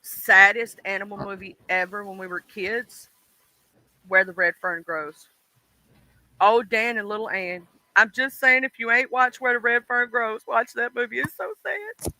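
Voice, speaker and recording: A man's voice: sits high, measured pace, sharp tone, no room sound, poor audio. A man hosting a stream, chatting casually and rambling with lots of ums and "you know"s, laughing as he tells childhood stories. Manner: laughs and acts out childhood voices. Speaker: stream host. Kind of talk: casual chat.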